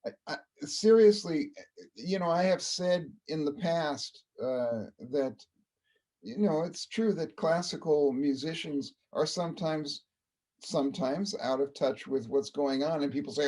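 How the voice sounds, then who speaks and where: A man's voice: on the high side, measured pace, a little mellow. A man hosting a conversation, reacting readily and laughing at his guest's stories. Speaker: host. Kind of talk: conversational interview.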